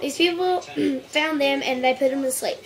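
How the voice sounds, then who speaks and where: A woman reading out a string of jokes for a home video, stumbling over words, restarting and clearing her throat. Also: high-pitched, moderate pace. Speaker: joke-telling video maker.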